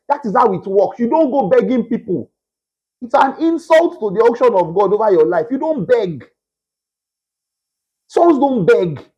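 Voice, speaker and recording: A man preaching a sermon, emphatic and repetitive, with a husky voice. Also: very high-pitched, very animated, measured pace, pauses often, a little mellow. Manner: emphatic, repetitive, mimics beggars in a whiny voice.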